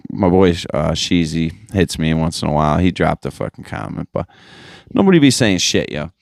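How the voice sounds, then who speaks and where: A man's voice: low voice, lively intonation, moderate pace, vocal fry, a little mellow, no room sound, studio quality. A man hosting a podcast in casual chat, laid-back and profane, heavy on slang, into a podcast microphone. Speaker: podcast host.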